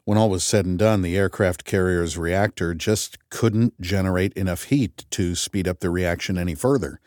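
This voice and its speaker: A man's voice: low voice, normal speed, a little mellow, dry recording. Man narrating in first person, wry conversational read, dead dry booth. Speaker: audiobook narrator.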